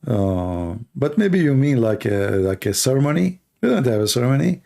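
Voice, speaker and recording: A man answers viewers' questions on a casual live stream. His voice is dark, gravelly and worn hoarse. He talks bluntly, with sarcasm and a run of rhetorical questions. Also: medium pitch. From Middle East. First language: Arabic. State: hoarse, tired voice. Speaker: Christian apologist, host answering questions.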